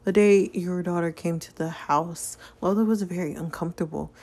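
A woman's voice: lowish voice, fairly even intonation, moderate pace, dark tone. A woman voicing an earnest young man in a story game, speaking frankly and confronting an adult.

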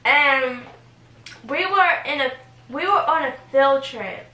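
A woman's voice: high-pitched, animated, takes it slowly, pushed and bright. A young woman vlogger telling a story in a casual, rambling way, giggling and using fillers. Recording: echoey room, camera at a distance, faint noise.

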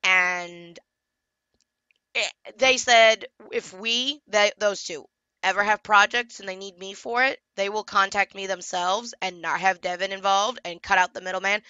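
A woman's voice: mid-range voice, a little slow, bright, forceful tone, clean tone, dry recording, lo-fi sound. A young woman venting in a casual vlog rant, exasperated and swearing as she talks into a desktop mic. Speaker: comic book colorist and vlogger.

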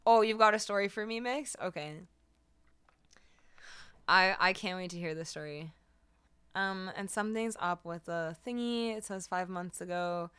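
A woman's voice: medium pitch, normal speed, pauses often, bright, forceful tone, clean tone. A woman musician livestreaming, chatting casually and bubbly with her viewers, a little tired and her voice not at full strength. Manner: bubbly, laughing, talking to chat.

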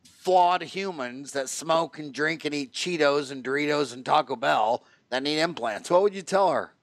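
A man's voice: on the high side, moderate pace, no echo. A man hosting a podcast interview, asking brash, rambling, jokey questions. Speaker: podcast host. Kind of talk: casual interview. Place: Phoenix.

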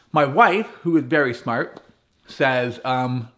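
A man giving a lively, humorous personal story as a guest speaker addressing young campers. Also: medium pitch, unhurried. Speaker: guest speaker at a youth camp.

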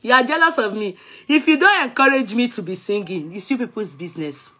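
A woman's voice: fairly high pitch, expressive, a little fast, a bit bright. A middle-aged Nigerian woman vlogging in casual chat, playful, laughing often and breaking into song. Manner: playful, sings snatches and mixes in Yoruba and Pidgin.

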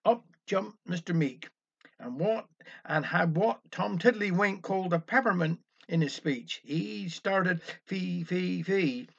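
A man's voice: sits high, expressive, a little slow, creaky, a bit bright, slightly rough. A man with a Cornish accent telling a wry village dialect story. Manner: wry, anecdotal. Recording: dull lo-fi recording.

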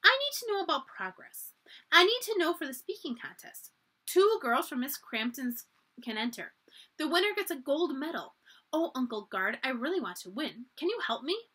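A woman's voice: sits high, sing-song, normal speed, pushed and bright, voice pushed up, full character voice. A woman voicing an earnest, spirited young girl in a storybook reading. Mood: eager.

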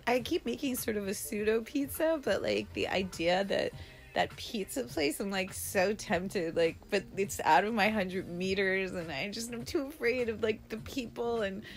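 A woman's voice: medium pitch, vocal fry. Chatty woman livestreaming from home. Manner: chatty, rambling, expressive, many fillers. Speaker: livestream host. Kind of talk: casual livestream chat with viewers. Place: at home, indoors.

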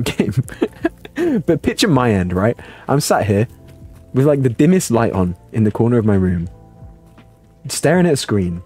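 A man's voice: medium pitch, husky. A young man, streaming a game from his bedroom with self-mocking, playful commentary. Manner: animated, self-mocking, bursts into playful singing. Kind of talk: livestream gaming commentary.

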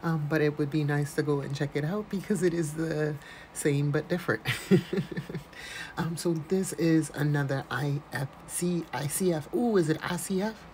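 Woman, low mellow voice, chatty read-aloud, quick side comments. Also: slight background noise, low-quality recording. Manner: chatty, reads slowly then adds quick asides. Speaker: vlogger reading court documents.

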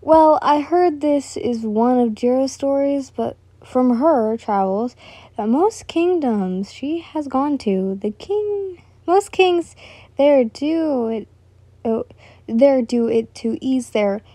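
A cheerful young nobleman teases his friend in a light, slightly raised voice, as a woman reading the story puts him on. The voice is mellow and recorded dry and close. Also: high-pitched, expressive, takes it slowly, dry recording, exaggerated voice. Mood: teasing. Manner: playful, teasing.

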